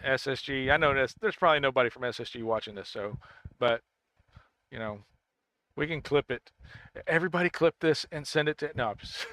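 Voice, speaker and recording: Guy streaming a game, bright crisp voice, rambles and stumbles over his words, dry close mic. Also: medium pitch, no room sound. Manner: rambling, stammering, self-correcting, quick to laugh. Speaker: gaming streamer. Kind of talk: casual livestream chat.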